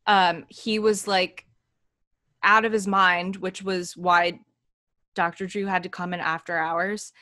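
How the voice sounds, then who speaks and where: A woman's voice: lowish voice, little pitch movement, takes it slowly, sharp tone. A woman hosting a podcast in casual chat, telling anecdotes with emphatic asides and laughter. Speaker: podcast host.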